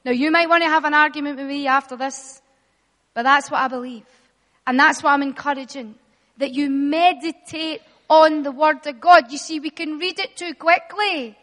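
A middle-aged woman delivers a sermon in a very high voice, building emphasis through repetition and dramatic pauses. Her voice carries a long reverb, as if she is speaking in a large church hall. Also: steady tone, a bit bright. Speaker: preacher.

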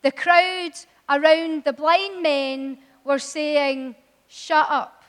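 A woman preaching a sermon in a church, impassioned and building to loud, emphatic appeals. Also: high-pitched, drawn-out words. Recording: long hall reverb.

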